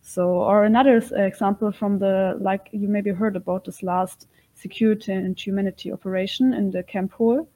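A woman's voice: mid-range voice, fairly even intonation, normal speed, dark tone, poor audio. A woman guest in an interview, speaking earnestly and sometimes searching for words. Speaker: guest, militia fighter.

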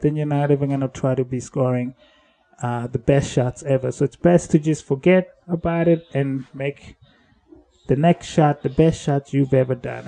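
A man's voice: gravelly, mellow. Rambling man hosting a solo podcast. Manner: rambling, self-correcting, drifts between upbeat and low-key. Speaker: podcast host. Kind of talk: casual solo podcast monologue.

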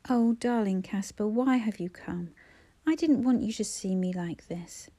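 A frail dying woman, soft and breathy, calm in her resignation, as a woman reads her. The voice is mellow and dark, often dropping toward a whisper. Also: mid-range voice, a little slow, no room sound, close to an everyday voice. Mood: tender.

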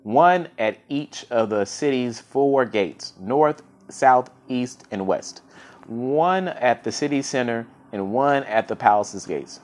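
A man's voice: medium pitch, expressive, slow. A man hosting his own podcast, casually reading a story aloud and often stumbling over and correcting words. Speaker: podcast host and reader.

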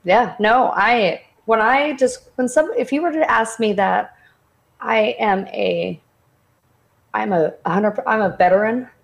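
A woman from Texas speaks with a toned-down Texas accent at an ordinary mid pitch. She talks bluntly and with emphasis as a guest in a relaxed interview. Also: measured pace, creaky. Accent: softened Texas. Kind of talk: casual conversational interview.

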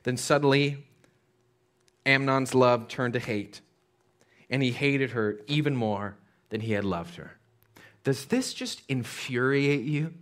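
A man's voice: mid-range voice, slow, long pauses. A man preaching a sermon as a pastor, conversational and casual with slang.

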